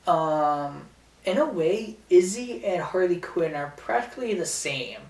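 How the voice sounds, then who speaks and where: Slow rambling man, echoey room. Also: sits high, expressive, a little mellow. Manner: rambling, full of fillers and giggles. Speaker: host of a top-ten video show. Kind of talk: casual top-ten commentary. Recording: roomy, distant from mic.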